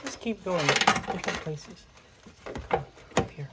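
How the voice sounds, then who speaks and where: A woman's voice: on the low side, lively intonation, takes it slowly, heavy background noise. A woman working on her car in a garage, talking to herself and swearing in casual vlog narration. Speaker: car vlogger. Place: garage, indoors.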